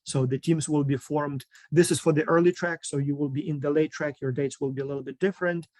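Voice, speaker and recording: A man's voice: fairly high pitch, fairly even intonation, fairly quick, darkish tone, no room sound. A man explaining a student project program in an online session, informal, with many fillers, listing items one by one.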